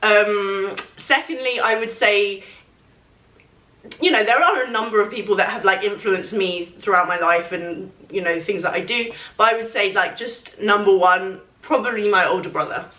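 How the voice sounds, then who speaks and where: A woman's voice: mid-range voice, normal speed, pushed and bright. A woman answering questions in a casual Q&A vlog, chatty and rambling, full of fillers. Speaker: fitness vlogger answering questions. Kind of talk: casual Q&A chat. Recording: echoey room, mic at a distance.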